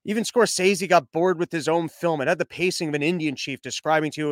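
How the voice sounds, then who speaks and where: Sarcastic high-voiced male news podcaster. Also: steady tone, fast, hardly any pauses, no echo, clean studio sound. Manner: sarcastic, mocking, rambling. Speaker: news commentary host. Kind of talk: sarcastic news commentary with ad reads.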